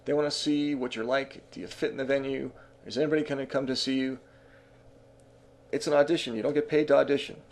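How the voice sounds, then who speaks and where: A man's voice: medium pitch, fairly even intonation, fast talker, a little mellow. A man talking through music business advice in a casual, conversational way, with frequent fillers and restarts.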